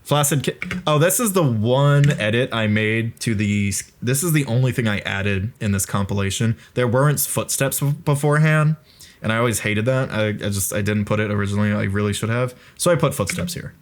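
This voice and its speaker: A young man giving excited, rambling commentary on his own video, swearing freely and laughing often. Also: on the low side, brisk, slight background noise.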